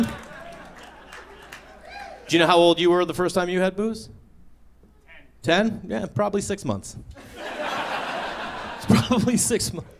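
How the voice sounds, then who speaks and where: A man in his thirties doing a stand-up comedy set on stage, telling stories with bursts of acted voices. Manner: animated storytelling with sudden high-pitched acted quotes. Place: comedy stage before a live audience.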